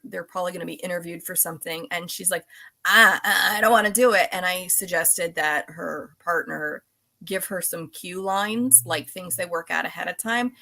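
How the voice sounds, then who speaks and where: Podcast host lady, chatty, bright edgy voice. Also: on the low side. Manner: chatty, quick asides, reads listener comments. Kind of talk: casual chat.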